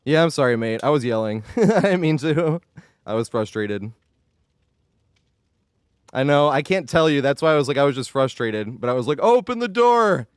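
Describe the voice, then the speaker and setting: A man with a mid-range, clear, resonant voice narrates his live gameplay stream at normal speed, pausing often. He chats, shouts at the game when it goes wrong, apologizes afterward, and thanks viewers, with no room sound present.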